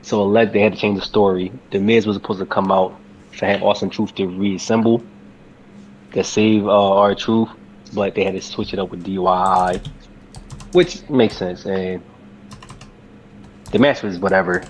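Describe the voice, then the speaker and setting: A man co-hosting a casual chat, talking in an excitable, slangy way with many restarts, on a dull, lo-fi recording. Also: low-pitched, normal speed, long pauses, a little hiss or hum. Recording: dull lo-fi sound.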